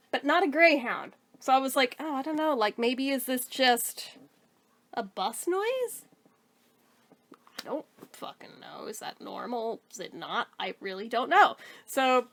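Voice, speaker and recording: A woman's voice: high voice, bright, forceful tone. A woman casually telling a personal story to her viewers, candid and chatty, swearing freely.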